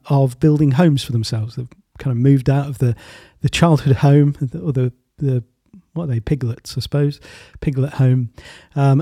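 Casting: male host, easygoing storyteller, husky, mellow, dry. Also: medium pitch, no room sound. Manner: relaxed, rambling with fillers and restarts. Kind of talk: casual storytelling in a talk.

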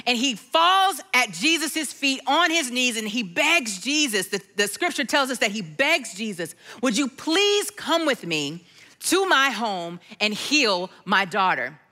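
A middle-aged woman delivers a sermon through a family story, acting out each voice as she goes. Her voice sits high and bright, and it swoops freely from line to line. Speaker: preacher.

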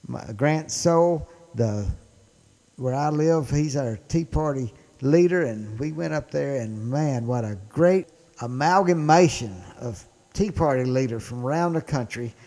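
A man with a Mississippi accent hosts a show, delivering political commentary with emphatic enthusiasm. His mid-range voice is unhurried and warm, with a big-room sound.

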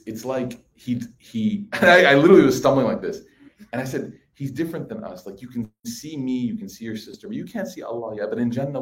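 A man in his thirties giving a sermon to a live audience, telling personal stories in a conversational, animated way. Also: mid-range voice. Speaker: religious speaker. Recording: echoey room.

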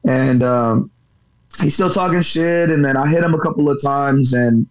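A man's voice: medium pitch, moderate pace, poor audio. A man who fights professionally and coaches boxing, telling a story in a casual interview, rambling, swearing freely and leaning on filler words.

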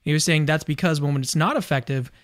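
A man's voice: fairly high pitch, brisk, fairly bright tone, no room sound, studio quality. A man hosting an interview, talking in a conversational way and often restarting his phrases. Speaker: host. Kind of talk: casual interview chat.

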